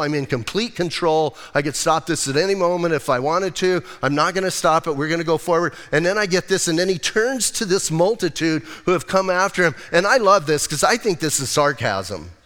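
A man preaching a casual, jokey sermon as pastor, acting out the Bible scenes in voices. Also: fairly high pitch. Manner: animated, jokey, slips into voiced characters. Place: church sanctuary. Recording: long hall reverb.

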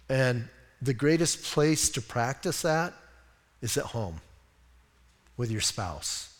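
An older man preaching a sermon as a pastor, telling folksy stories with animated asides. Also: medium pitch, slow, pauses often, in a large hall. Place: church sanctuary.

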